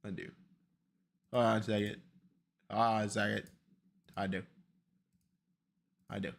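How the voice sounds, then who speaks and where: A man's voice: on the low side, little pitch movement, measured pace, gravelly. A young man streaming casually, rambling and exclaiming to himself as he sets things up. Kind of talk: casual stream chat while setting up a video.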